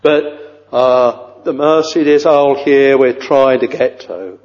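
An older man preaching a sermon with fervent, halting delivery and sing-song rises on scripture. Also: mid-range voice, fairly even intonation, darkish tone. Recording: dull, echoey old church recording.

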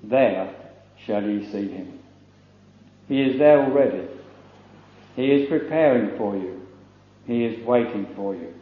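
A man preaching a sermon in a solemn, measured manner, often quoting scripture in old-fashioned wording. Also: fairly low pitch, roomy sound, muffled recording. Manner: solemn, measured preaching with King James quotations.

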